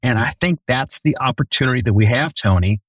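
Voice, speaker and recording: A man's voice: medium pitch, brisk, no echo, low-quality recording. A middle-aged man telling an earnest personal story in a conversation.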